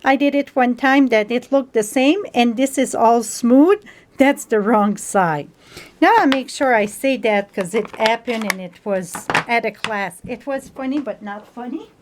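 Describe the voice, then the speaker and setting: Slow, chatty woman demonstrating a craft. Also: a little high, background noise. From France. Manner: chatty, homespun, non-native grammar with fillers. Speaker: stamping craft instructor. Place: home craft table.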